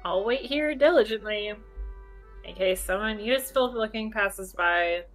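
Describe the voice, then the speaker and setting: A woman's voice: mid-range voice, unhurried, faint music behind, close to an everyday voice. A woman voicing a grumpy, impatient young witch while reading game dialogue aloud.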